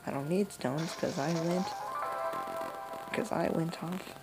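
A woman's voice: lowish voice, slow pace, long pauses, music in the background. A woman doing casual let's play commentary with muttered asides. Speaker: gamer. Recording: noisy home recording.

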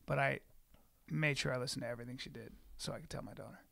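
A man's voice: medium pitch, quick pace, vocal fry, pushed and bright. A man in his forties, a comedian co-hosting a podcast, telling a rambling, profane story in casual chat. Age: 40s. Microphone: studio mic.

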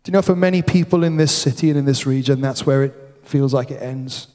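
A man's voice: mid-range voice, fast, darkish tone. Preaching man in a reverberant church. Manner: emphatic preaching, repeats words for stress. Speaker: pastor. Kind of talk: sermon. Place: church hall. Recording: long hall reverb.

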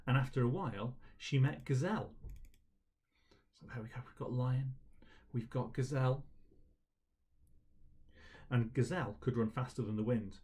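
A man reading a storybook to children at a school assembly, gentle and encouraging in his delivery. His voice sits at an ordinary pitch and stays warm in tone, paced for young listeners. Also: normal speed, pauses often. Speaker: teacher leading an online school assembly.

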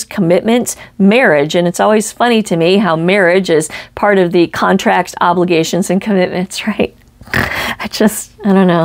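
A woman giving a tarot reading in an emphatic, blunt way, checking in often with "right?" and "okay?" and swearing casually. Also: fairly low pitch. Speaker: psychic tarot reader.

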